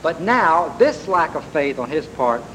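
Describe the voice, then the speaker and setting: A man's voice: fairly high pitch, big pitch swings, a little slow, fairly bright tone, poor audio. A man preaching a sermon, retelling a story with emphatic rises and repeated words. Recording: faint background hiss.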